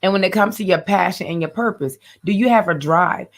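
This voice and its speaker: A woman's voice: lowish voice, fairly quick. Earnest woman hosting a faith talk show. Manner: earnest, repeats phrases, addresses viewers directly.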